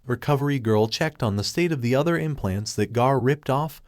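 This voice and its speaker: A man's voice: medium pitch, moderate pace, few pauses, no echo. Man narrating fan fiction, dry.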